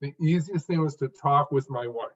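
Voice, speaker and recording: A man answering interview questions in a measured, earnest way, speaking phrase by phrase with pauses. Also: fairly high pitch. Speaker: guest, stuttering coach. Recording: distant, dull lo-fi audio.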